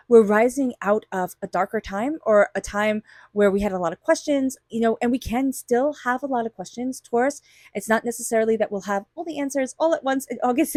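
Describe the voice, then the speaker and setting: A woman's voice: a little high, normal speed, a little mellow, no echo, clean studio sound. Chatty woman reading tarot. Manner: chatty, enthusiastic, acts out little quoted voices. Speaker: tarot reader. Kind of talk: monthly tarot reading addressed to viewers.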